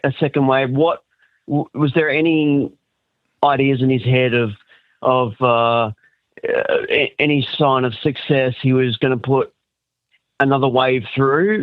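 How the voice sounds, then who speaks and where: An Australian man calls in and asks his question haltingly, full of ums and restarts. His mid-range voice sounds dull and muffled over the call line, dry with no room. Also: medium pitch, no room sound. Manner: hesitant, many fillers. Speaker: caller.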